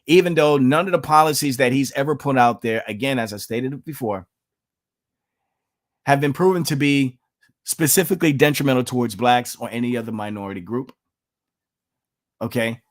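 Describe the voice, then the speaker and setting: A man's voice: normal speed, pauses often. Emphatic man giving opinionated commentary. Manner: emphatic, rhetorical questions, sudden pitch jumps. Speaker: political commentator, channel host.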